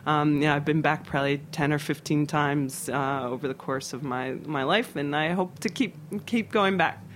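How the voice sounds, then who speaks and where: A man's voice: a little high, moderate pace, slight background noise. A middle-aged man from Philadelphia, a chef telling stories in an interview with lots of fillers and restarts. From Philadelphia, United States. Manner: rambling and animated, with many restarts and fillers. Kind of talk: casual storytelling interview.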